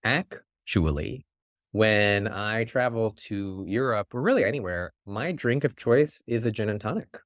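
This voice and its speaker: Pria Amerika bersuara rendah, pembawa podcast jenaka. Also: male voice, on the low side, measured pace, dry recording, studio quality. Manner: playful, jokey, animated storytelling. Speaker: podcast host. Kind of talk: casual chat.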